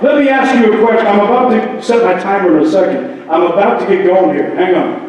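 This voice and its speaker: A high-voiced man preaching to a town hall crowd. He throws out rhetorical questions and quips. The sound is very echoey and picked up from far across the hall, with faint background noise. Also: a little fast, darkish tone. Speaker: pastor. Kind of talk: impassioned public speech. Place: town hall meeting in a large hall. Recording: echoey hall, distant mic.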